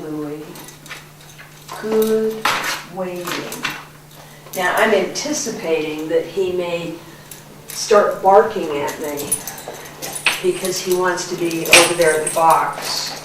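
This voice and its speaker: A woman dog trainer explains her method in a slow, unhurried voice. She moves between clipped command words and soft, warm praise. The recording is distant and very echoey, with loud background noise. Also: lowish voice.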